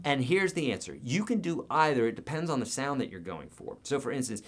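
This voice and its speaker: A man's voice: mid-range voice, lively intonation, a little fast. A man hosting a live guitar Q&A, chatting casually, reading viewer comments aloud and counting out beats and picking patterns.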